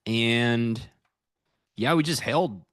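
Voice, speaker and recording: A man's voice: mid-range voice, very slow, a bit bright, no room sound, clean studio sound. An American man reviewing his trades on a casual livestream, rambling and easygoing as he chats with viewers. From United States. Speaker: futures trader streaming live.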